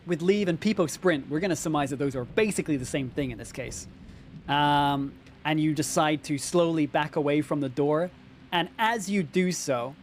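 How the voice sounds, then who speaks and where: Man, game master, tabletop game narration for a stream, lively, talks to chat, slightly high voice. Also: a little hiss or hum. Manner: lively, addresses chat directly, frequent fillers.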